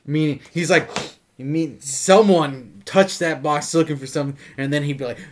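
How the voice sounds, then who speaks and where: A man's voice: on the high side, fairly even intonation, moderate pace. A man hosting a casual podcast with friends, rambling and acting out scenes he retells. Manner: rambling, acts out movie scenes in voices. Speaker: podcast host.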